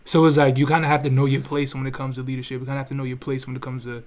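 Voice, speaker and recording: A man's voice: medium pitch, very fast. A man with a mid-range voice talks casually on a podcast. His phrasing is loose and slangy, and he often restarts and checks in with his listeners. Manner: relaxed slangy talk with restarts and "you feel me". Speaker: podcast co-host.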